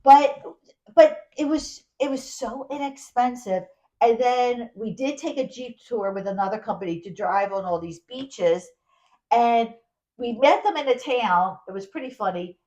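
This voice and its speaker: A woman co-hosting a podcast, telling a travel story in casual chat, animated and full of restarts. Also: on the high side, unhurried, rough recording. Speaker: podcast co-host.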